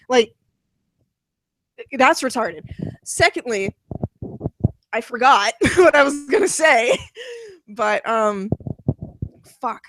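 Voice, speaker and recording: A woman's voice: a little high, animated, slow, pauses often, a bit bright, dry recording. A woman co-hosting a casual commentary chat, talking bluntly, swearing freely and rambling with fillers. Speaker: co-host.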